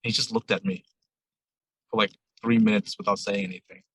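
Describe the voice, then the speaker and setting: Fairly low and steady, a bit bright and husky, the man talks at a fairly quick clip over poor, echo-free audio. He runs a ramen shop and, as a podcast guest, rambles casually through a long story, recounting each exchange with repeated "I'm like."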